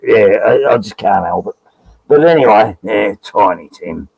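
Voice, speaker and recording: A man's voice: fairly low pitch, lively intonation, measured pace, vocal fry, a little mellow, husky, dry recording, rough recording. A man with an Australian accent, chatting as a guest on a live stream, rambling and joking with frequent laughs. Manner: rambling, jokey, laughs often. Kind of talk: casual live stream banter.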